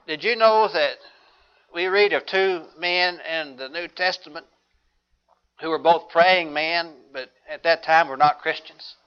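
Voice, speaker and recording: High, bright-voiced preacher man. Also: clean tone. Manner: earnest, measured preaching with scripture quotes. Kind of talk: sermon. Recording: dull lo-fi recording.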